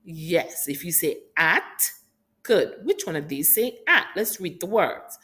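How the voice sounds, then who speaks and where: A woman's voice: lowish voice, lively intonation, slow, bright, forceful tone. A woman from Haiti teaching rhyming sounds to young children in an encouraging, sing-song teacher manner. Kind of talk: phonics lesson for young children.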